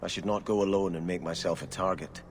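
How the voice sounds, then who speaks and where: A man's voice: low-pitched, steady tone, quick pace, big-room sound, slight background noise, lightly acted. An actor voicing an earnest, devout young male noble in a video game. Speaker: exiled noble.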